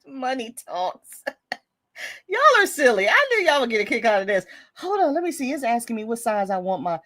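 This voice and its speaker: A woman hosting a casual live stream, reading viewer comments and laughing often as she chats. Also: a little high. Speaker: livestream host.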